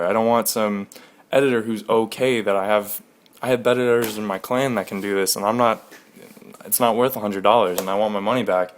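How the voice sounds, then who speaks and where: A young man with a slightly low, smooth and clear voice tells his audience about being wronged. He talks casually and quickly, with a steady aggrieved edge and plenty of swearing. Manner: aggrieved, recounting a dispute with frequent profanity. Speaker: gaming clan leader. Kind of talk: casual screen-recorded rant.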